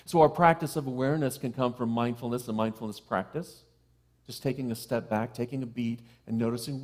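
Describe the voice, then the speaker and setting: Middle-aged male minister preaching warmly. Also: medium pitch. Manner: playful, self-deprecating asides to the congregation; slows and drops to a soft hush on key phrases. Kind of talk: sermon. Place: church sanctuary with live congregation.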